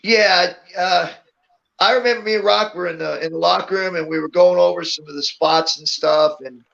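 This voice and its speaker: Gravelly-voiced man telling stories, lo-fi sound. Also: high voice, steady tone, normal speed, fairly bright tone. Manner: laughs often while telling stories. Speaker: interview guest, former wrestler. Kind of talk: casual storytelling.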